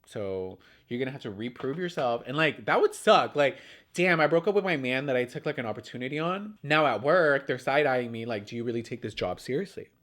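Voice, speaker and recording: A man's voice: medium pitch, lively intonation, a little fast, fairly bright tone. A young man chatting casually and gossiping while doing his makeup, with lots of "like" and loose swearing. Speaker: beauty vlogger.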